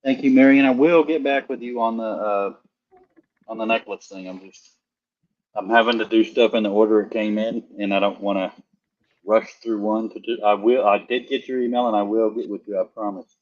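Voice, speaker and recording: A man's voice: lowish voice, fairly even intonation, moderate pace, muffled recording. Goofy joking middle-aged man. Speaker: co-host of a live stream. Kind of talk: casual live-stream chat.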